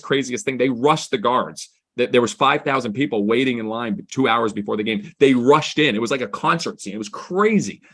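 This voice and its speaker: A man being interviewed, telling stories with excitement and growing quietly emotional when he reflects. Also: fairly low pitch. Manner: excited, fast-flowing anecdotes. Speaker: guest. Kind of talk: conversational storytelling.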